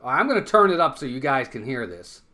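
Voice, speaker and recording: A man's voice: mid-range voice, big pitch swings, fast talker, pushed and bright. A man hosting a fan watch-along stream, calling baseball play-by-play and insisting on his points over and over.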